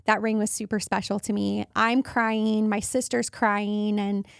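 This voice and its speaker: Gravelly-voiced woman telling a story. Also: measured pace, no room sound, studio quality. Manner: animated, acts out quoted voices with jumps in pitch. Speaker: podcast host. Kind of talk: casual personal storytelling.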